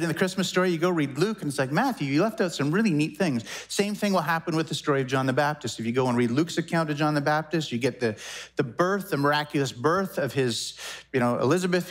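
A man in his forties preaching a sermon as a pastor, animated and conversational, with quick asides and self-corrections. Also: fairly high pitch. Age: 40s.

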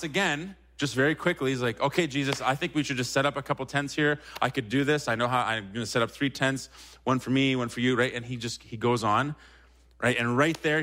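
Young guy pastor preaching in church, chatty, keeps saying "right?", mid pitched voice. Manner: conversational, frequent "right?" asides, animated when quoting Peter. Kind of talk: sermon.

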